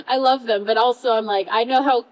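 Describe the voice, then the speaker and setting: Bubbly woman panelist, a little high, chatty and laughing. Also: low-quality recording. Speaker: voice actor panelist. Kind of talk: convention panel chat. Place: convention panel room.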